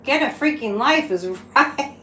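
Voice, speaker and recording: A woman's voice: high voice, expressive, unhurried, bright, forceful tone, a little hiss or hum. A woman hosting a psychic live stream, talking casually with frequent laughs and incredulous asides. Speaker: psychic livestream host. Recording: echoey room with faint ambience.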